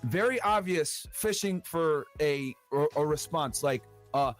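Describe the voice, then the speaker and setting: A man co-hosting a podcast in fast casual chat, animated and quoting others in a raised voice. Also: on the high side, faint music behind. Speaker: podcast co-host.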